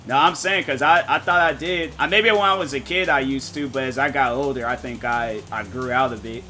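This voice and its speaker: A man's voice: medium pitch, fairly quick, pushed and bright, soft background music. A man streaming a game, chatting casually with viewers and rambling as he thinks aloud, often restarting his sentences. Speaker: gaming streamer.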